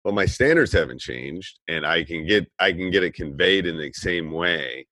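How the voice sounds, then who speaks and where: A man's voice: sits low, lively intonation, moderate pace, bright, forceful tone, no echo, clean studio sound. A middle-aged man with a Northern US accent, hosting a coaching podcast, who jumps in eagerly and repeats himself. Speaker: podcast host and basketball coach. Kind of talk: casual podcast interview.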